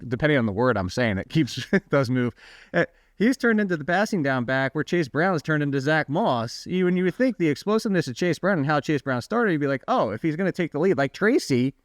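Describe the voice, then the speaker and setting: A man hosting a fantasy football podcast in a casual, chatty way, throwing quick questions and asides to his co-host. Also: fairly high pitch, expressive, no echo, studio quality.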